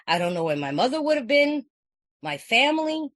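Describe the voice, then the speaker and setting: A woman's voice: sits high, sing-song, brisk, fairly bright tone, no echo. A woman from California giving an earnest, conversational personal share at a recovery meeting, repeating phrases and often asking "you know what I'm saying".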